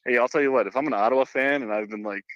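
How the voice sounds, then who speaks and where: A man's voice: medium pitch, very fast, no echo, muffled recording. A man who is a podcast guest, chatting casually and swearing now and then. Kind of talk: casual chat.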